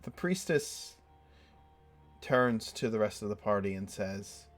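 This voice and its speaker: A man from New Jersey running a live tabletop game as dungeon master, playful and quick to laugh. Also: fairly low pitch, lively intonation, soft background music.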